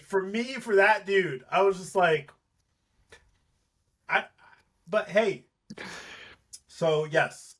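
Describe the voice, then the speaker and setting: Male actor guest, husky, a bit high, animated storyteller, casual and profane. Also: extremely slow, long pauses. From Palestinian family. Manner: animated storyteller, swears freely. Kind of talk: casual chat.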